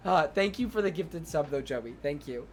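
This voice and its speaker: A man's voice: on the high side, lively intonation, unhurried, faint music behind. A young man streaming, telling a long story casually to his live chat, padding every phrase with "like", swearing often and breaking off to thank viewers. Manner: rambling, fills every phrase with "like", swears a lot.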